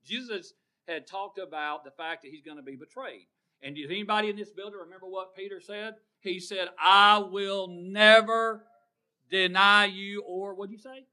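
A man preaching a sermon, drawing call-and-response from his congregation and swinging from loud to hushed. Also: sits high, brisk.

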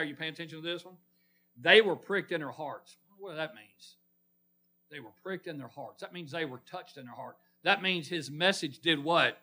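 In church, a man preaches with a forceful, bright voice that sits on the high side. He names people in the congregation and poses call-and-response questions to them.

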